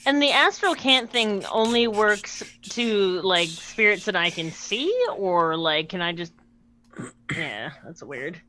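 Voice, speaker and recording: Bright lively woman playing a tabletop game. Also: mid-range voice, takes it slowly, a little hiss or hum, poor audio. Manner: playful, chatty. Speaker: player. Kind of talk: playing a tabletop game over video call. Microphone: video call.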